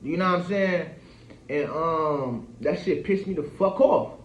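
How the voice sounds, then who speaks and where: A man in his thirties with a fairly high voice rambles through a profane, heated monologue. He keeps checking in with his listener as he talks. His voice carries a roomy echo on a dull, lo-fi recording. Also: unhurried. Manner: rambling, profane, keeps asking "you feel me". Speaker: vlogger. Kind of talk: casual venting monologue. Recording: echoey dull lo-fi room.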